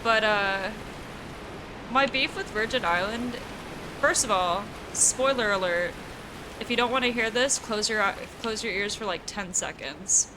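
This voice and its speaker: A woman's voice: mid-range voice, unhurried, noisy background. Chatty American East Coast woman streamer. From United States. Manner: chatty, laughs often, swears casually. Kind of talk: casual chat while gaming.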